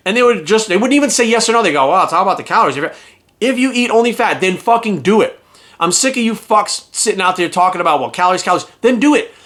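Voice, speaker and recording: A man's voice: high-pitched, a bit bright. A middle-aged man and fitness coach ranting in a heated, profane vlog.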